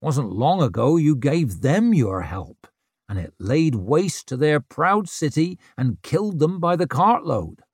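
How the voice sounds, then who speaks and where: A man's voice: on the high side, sing-song, measured pace, a little mellow, breathy edge, no room sound, clean studio sound, pitched above the performer's own voice, heavily acted. A man voicing a brash young woman chieftain who needles and teases in a cheeky, mocking way.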